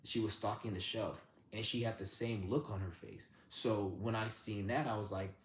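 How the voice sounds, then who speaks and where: A man with a somewhat low voice rants through stories in a blunt, profane and animated way. His voice carries a noticeable room echo, with a faint hum in the background. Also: normal speed. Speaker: live-stream host. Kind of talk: ranting storytelling.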